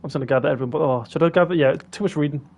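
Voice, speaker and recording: A man's voice: a little high, rapid-fire, creaky, darkish tone. Man reading a game aloud on stream. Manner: casual asides between narration.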